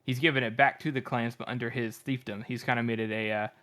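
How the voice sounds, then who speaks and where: A man's voice: medium pitch, fairly even intonation, fast, fairly bright tone. A young adult man co-hosting a podcast, casually thinking aloud and searching for his words. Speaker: podcast co-host. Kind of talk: casual book discussion.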